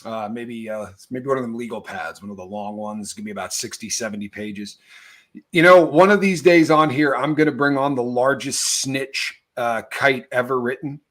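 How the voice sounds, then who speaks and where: A man's voice: mid-range voice, normal speed, fairly bright tone. A middle-aged man hosting a casual show, telling stories animatedly, laughing mid-sentence and using a lot of slang. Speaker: podcast host. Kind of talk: casual storytelling chat.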